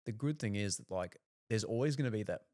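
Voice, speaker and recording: A man's voice: fairly low pitch, animated, fast, darkish tone, no room sound, studio quality. An Australian man in his thirties, a TV journalist guest chatting casually on a podcast, rambling with lots of restarts and fillers.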